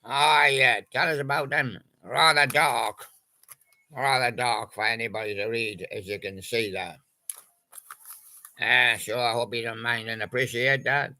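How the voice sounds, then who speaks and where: An older man with a gravelly voice, rambling through a comic monologue of puns on old pop songs, slipping in sung snatches. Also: medium pitch, bright, forceful tone, poor audio. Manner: slow, rambling, punning, with little sung snatches and put-on bits. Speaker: storyteller doing joke monologue about old pop songs.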